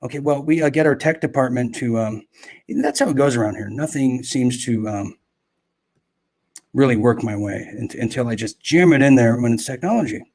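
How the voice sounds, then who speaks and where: A man's voice: medium pitch, moderate pace, a little mellow. A man hosting a live political commentary show, rambling through stories with mocking asides and self-corrections.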